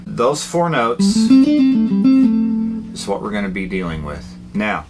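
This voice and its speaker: A man giving a guitar lesson, explaining ideas in a plain, unhurried way with fillers between phrases. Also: fairly low pitch, big pitch swings, vocal fry. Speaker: guitar teacher. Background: guitar playing between phrases.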